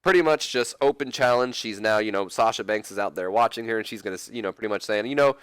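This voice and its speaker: A man's voice: on the low side, quick pace, few pauses, a bit bright, clear, resonant tone, no echo. A man hosting a let's play, giving rambling, casual gameplay commentary with self-correcting asides and jokes to his viewers.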